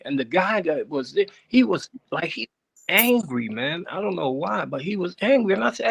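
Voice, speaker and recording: A man from the United States calling in to tell an animated story, his voice jumping up high whenever he quotes himself. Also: normal speed, vocal fry, breathy edge, low-quality recording. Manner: animated, rising sharply when quoting himself. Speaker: caller. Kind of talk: storytelling on a call-in show. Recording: connection breaking up.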